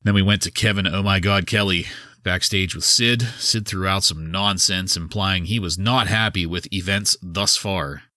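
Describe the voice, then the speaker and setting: A man's voice: low-pitched, fairly even intonation, moderate pace, bright, forceful tone, no room sound, studio quality. A man hosting a wrestling podcast, recapping an old episode in a wry, sarcastic casual style. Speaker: podcast host.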